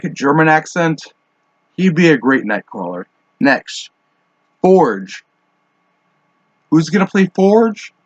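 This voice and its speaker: Guy rambling solo, kinda high voice, lots of uhs and restarts, smoking, dull dry lo-fi mic. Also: dry recording. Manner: rambling, offhand, with frequent fillers and restarts. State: smoking while talking. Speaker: podcast host. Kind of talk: casual monologue on fan casting.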